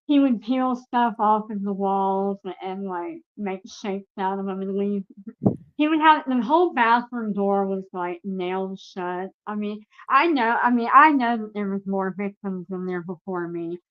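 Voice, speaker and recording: A woman's voice: medium pitch, dull audio. A woman guest giving personal testimony in an interview, earnest and emphatic, speaking straight to the viewers.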